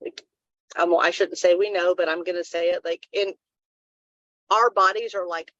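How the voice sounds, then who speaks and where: A woman's voice: lowish voice, steady tone, normal speed, long pauses, a bit bright, dry recording. Woman, live-stream host, earnest and advice-giving, rambling, dry close sound, muffled lo-fi audio. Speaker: co-host of a live wellness talk show. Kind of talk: casual live-stream chat.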